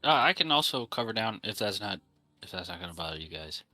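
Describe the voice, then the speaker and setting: A man joking through a tabletop game, his low voice edged very bright and forceful. The recording is dry and close. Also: sing-song, quick pace, no room sound, faint music behind. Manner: joking, playful. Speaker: player. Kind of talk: casual tabletop play.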